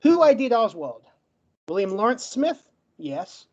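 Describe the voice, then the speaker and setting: A man giving a debate closing argument in a rapid, list-like way, with a stutter that makes him get stuck on words. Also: very high voice, big pitch swings, highs cut off. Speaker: debate participant.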